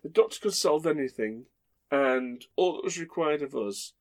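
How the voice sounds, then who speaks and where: A man's voice: on the high side, animated, moderate pace. A man hosting a podcast, telling fond, rambling stories with playful asides. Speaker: podcast host. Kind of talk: casual chat.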